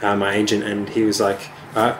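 A man with an Australian accent answers interview questions in a relaxed, unhurried way. His voice sits a little low. The recording has a roomy echo and a faint hum of ambience behind him. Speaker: touring musician, guest.

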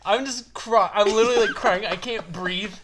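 A young man co-hosting a podcast, chatting animatedly and breaking into high laughter. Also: normal speed. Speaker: podcast co-host. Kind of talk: casual chat. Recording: noisy background hiss.

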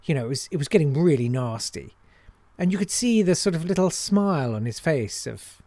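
A man's voice: fairly high pitch, lively intonation, brisk, mellow, dry recording. A man, a comedian and impressionist, chatting casually and self-deprecatingly in an interview.

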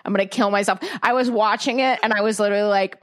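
A woman's voice: mid-range voice, steady tone, quick pace, fairly bright tone, slight background noise. A woman chatting casually and candidly on a podcast, swearing freely and often restarting her sentences. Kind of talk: casual chat.

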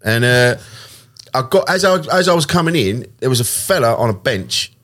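A man, telling stories in casual chat as a podcast co-host, animated and quick to laugh. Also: mid-range voice. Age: 50s. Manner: animated storyteller, swears and laughs freely.

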